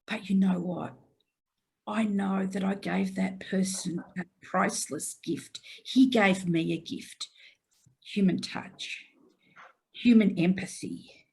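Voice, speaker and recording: A woman's voice: mid-range voice, steady tone, takes it slowly, gravelly, a little mellow, breathy edge. A woman interview guest speaking earnestly and reflectively in a heartfelt way. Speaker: guest, mental health consultant. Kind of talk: interview conversation.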